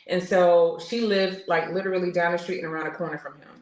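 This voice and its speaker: A woman's voice: fairly low pitch, fairly even intonation, fast. A woman in her forties, a guest on a podcast, tells a personal story in an earnest, open way, with many fillers and restarts. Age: 40s. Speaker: podcast guest, military veteran. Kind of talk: candid personal storytelling in conversation. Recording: roomy echo.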